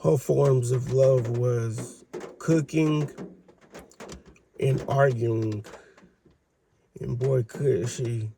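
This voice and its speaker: A man with a gravelly, creaky voice talks unhurriedly into the camera, keeping a personal video diary. He is candid and reflective, often pausing and restarting his thoughts. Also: mid-range voice, fairly even intonation, dark tone, a little hiss or hum. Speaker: vlogger.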